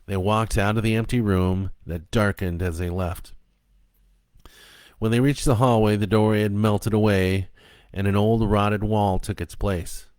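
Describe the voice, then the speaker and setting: Give me a low-voiced man narrating a dark tale slowly, with a gravelly edge. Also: dry recording. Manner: slow, even, low-key reading. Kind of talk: scripted story narration.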